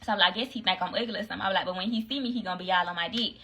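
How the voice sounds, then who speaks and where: A woman's voice: very fast, husky. A young woman telling a casual story on a phone livestream, acting out the voices of the people in it. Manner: animated storyteller, acts out voices, swings high for quoted friends.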